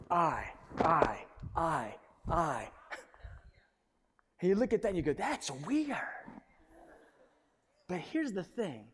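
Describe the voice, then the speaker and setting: A man preaching a passionate sermon, swinging from loud proclamation to hushed storytelling. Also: fairly high pitch, in a large hall.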